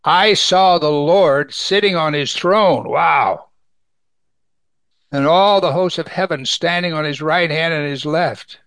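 A man's voice: a little high, slow, a bit bright, no room sound. A man preaching a sermon, reading scripture aloud and explaining it in a conversational way.

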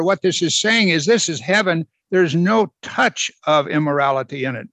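Guy preaching, bright tense voice a bit high, dry close sound, hammers his points with repeats. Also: expressive, moderate pace, hardly any pauses, dry recording. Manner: emphatic, repeats phrases for stress. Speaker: pastor. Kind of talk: expository sermon.

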